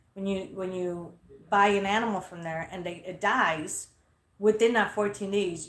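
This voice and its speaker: A woman casually telling a story, animated and profane, quoting herself loudly. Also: medium pitch, echoey room.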